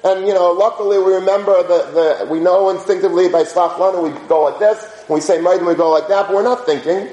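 A man's voice: high-pitched, steady tone, quick pace, hardly any pauses, dark tone. A man teaching a conversational religious lecture, telling stories in an informal, anecdotal way and dropping in Hebrew and Yiddish terms. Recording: roomy echo.

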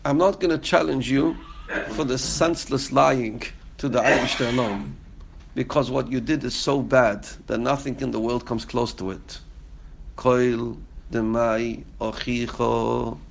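Male Torah teacher, gravelly voice, quotes and translates texts, presses with rhetorical questions. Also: mid-range voice, normal speed, a little hiss or hum. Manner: quotes verses and commentary, then translates them; rhetorical questions, repeats phrases for emphasis. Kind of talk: Torah lesson on Genesis.

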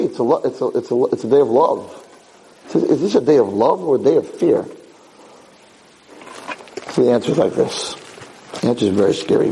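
Animated male Torah teacher. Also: mid-range voice, slight background noise, poor audio. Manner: animated, swings from loud exclamations to quiet asides, repeats words when restarting. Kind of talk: lively Torah class to a live group. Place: room with listeners.

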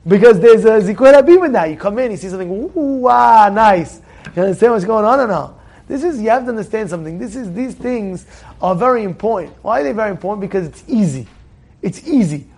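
A man teaching an informal Torah class in a synagogue study hall, animated and repetitive, firing rhetorical questions at his listeners. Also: high voice, fairly quick. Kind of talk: informal Torah lesson to a congregation.

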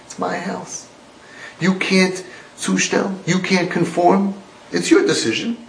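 A man's voice: sits high, little pitch movement, takes it slowly, creaky, far from the mic, pitched above the performer's own voice, full character voice. A man voicing a stern, dismissive father laying down the house rules. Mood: taunting. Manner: taunting, dismissive. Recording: roomy echo.

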